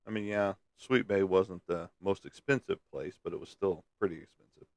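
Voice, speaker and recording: A man's voice: low voice, moderate pace, no room sound. A man hosting a casual livestream, rambling in a folksy way and chuckling as he answers viewer comments. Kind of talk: casual chat.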